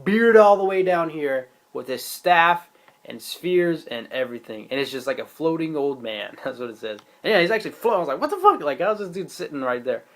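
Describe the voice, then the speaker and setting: A young man casually reviewing a comic chapter in an excitable, slangy, profane way. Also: on the high side, a little fast. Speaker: manga reviewer.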